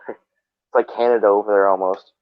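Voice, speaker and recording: A man hosts a live stream, rambling through casual chat full of swearing and restarts. His voice sits low. It comes over a thin, phone-like line with no room sound at all. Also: steady tone, a little fast, no echo. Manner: rambling and profane, with many restarts.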